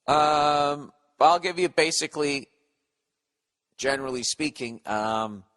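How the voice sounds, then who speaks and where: A podcast host with a Boston accent speaks slowly in a fairly high, fairly bright voice. His casual comedic rant is profane, sarcastic and rambling.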